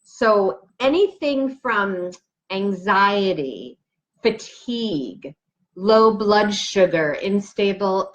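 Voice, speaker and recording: A woman speaking as a naturopathic doctor in a talk to camera, with a voice of ordinary middle pitch. She talks in a chatty, emphatic way and reads her questions from her notes as she goes. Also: fairly bright tone. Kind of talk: explanatory health talk to camera.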